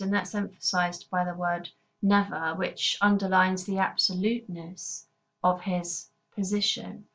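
Brief: female teacher, mid-pitched, measured and explanatory, recorded lesson. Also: rough recording. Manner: measured, explanatory, with occasional fillers.

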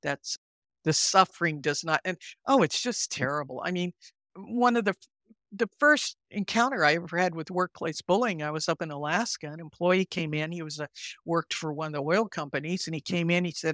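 A woman's voice: deep voice, a little fast, fairly bright tone, dry recording. An older woman psychotherapist speaks earnestly in a podcast interview. She tells her stories with animation and acts out the voices in them. Her voice is recorded close and dry, with no room sound. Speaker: guest psychotherapist.

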